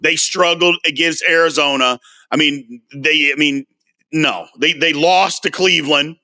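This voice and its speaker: A man hosting a casual sports livestream, animated and frustrated as he answers viewers' comments by name. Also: fairly high pitch, unhurried. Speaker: sports talk host.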